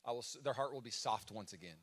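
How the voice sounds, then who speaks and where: An American pastor in his thirties preaches live in a church auditorium through a stage microphone. His mid-range voice moves fast as he tells animated stories and dramatically acts out his own cries.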